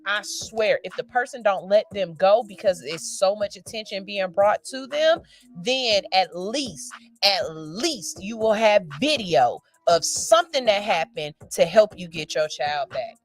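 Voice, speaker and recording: A woman's voice: medium pitch, lively intonation, a little slow, soft background music. A woman, co-hosting a morning radio show in frank, emphatic casual talk, swearing freely into a studio mic.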